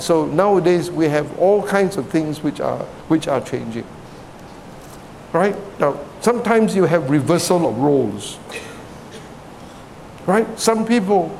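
A man preaching in a conversational way, often asking "right?" and telling jokes, in a large hall. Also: darkish tone. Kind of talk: sermon. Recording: reverberant hall with faint rumble.

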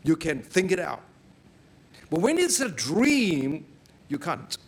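Lively high-voiced male preacher. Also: takes it slowly, husky. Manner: lively storytelling delivery with sudden loud exclamations. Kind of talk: sermon.

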